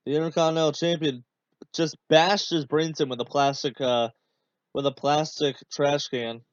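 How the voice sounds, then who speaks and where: A man's voice: a little high, little pitch movement, normal speed, no room sound. Sarcastic, exasperated man on a podcast. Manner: exasperated, sarcastic, rambling with many fillers. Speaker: podcast host. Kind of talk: casual watch-along commentary. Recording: dull, dry podcast mic.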